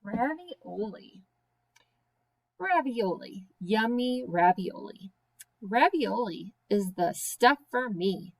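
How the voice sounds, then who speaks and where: A woman teacher reading silly children's poems aloud with slow, sing-song, playful emphasis. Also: on the high side, animated, low-quality recording. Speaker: special education teacher.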